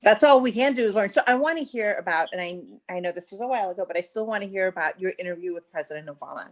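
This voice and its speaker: A woman hosts a casual interview in a mid-range voice. She is chatty and warm-toned in her phrasing, and she trails into small hesitations when framing her questions. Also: medium pitch, racing.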